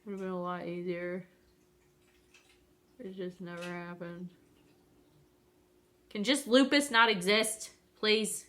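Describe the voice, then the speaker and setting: A woman's voice: lowish voice, fairly even intonation, slow pace, long pauses, fairly bright tone. A woman vlogger chatting casually to viewers while doing her makeup, rambling and self-deprecating.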